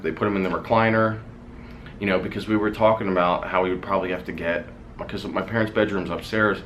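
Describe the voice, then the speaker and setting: Low-voiced man telling a personal story. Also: fairly bright tone, slight background noise. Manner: candid, rambling, swears casually. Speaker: vlogger.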